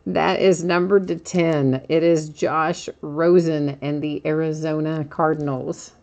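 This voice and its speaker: A woman's voice: sits low, fairly even intonation, unhurried, a little mellow. A woman hosting a live card-breaking stream, chatting casually and laughing often as she reads out each card.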